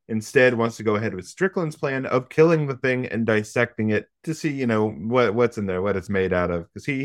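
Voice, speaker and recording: A man's voice: lowish voice, no echo, studio quality. A man hosting a podcast, giving a casual, profane, wry recap of a film's plot with joking asides. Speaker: podcast host recapping a film. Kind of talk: casual comedic film recap.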